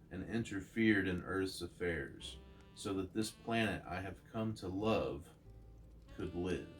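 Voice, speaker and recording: A man reading as a grave cosmic alien watcher. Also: low voice.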